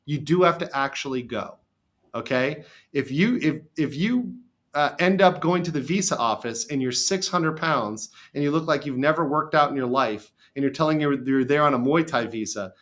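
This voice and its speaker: A middle-aged American man, an attorney, talking as a guest on a podcast, emphatic and lively when telling stories. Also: a little high, normal speed. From USA. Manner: animated, emphatic storyteller. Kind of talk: casual podcast interview.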